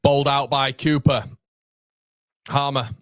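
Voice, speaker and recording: Chatty football fan host. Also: male voice, medium pitch, unhurried, no room sound. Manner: chatty, excitable, talks straight to viewers. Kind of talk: live match watchalong commentary.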